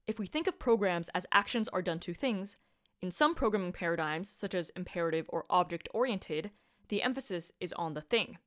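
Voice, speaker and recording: A woman's voice: fairly low pitch, expressive, fairly quick, fairly bright tone. A woman lecturing on programming in a scripted voice-over, upbeat and playful with punchy asides. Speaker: computer science lecturer.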